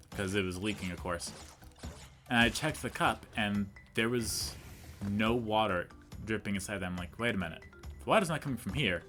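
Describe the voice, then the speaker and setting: A man's voice: fairly low pitch, pushed and bright. A young man giving casual let's play commentary, rambling through a story and talking to the game as he plays. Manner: rambling storyteller, chatty and self-mocking, talks to the game.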